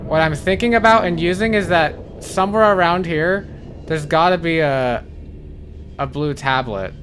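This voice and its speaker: A man's voice: on the high side, normal speed, fairly bright tone, a little hiss or hum. A man giving blind playthrough commentary on a game, jumpy and swearing, who repeats panicked phrases over and over. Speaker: gaming channel host.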